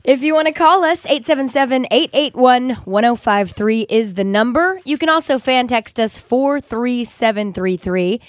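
A woman's voice: a little high, moderate pace, few pauses, no echo, studio quality. A woman hosting a radio show, chatting casually and bubbly with co-hosts.

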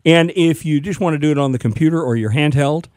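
A man's voice: fairly high pitch, quick pace, darkish tone, no room sound. A man co-hosting a radio talk show, joking with colleagues and explaining survey findings. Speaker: radio co-host. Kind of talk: casual radio chat.

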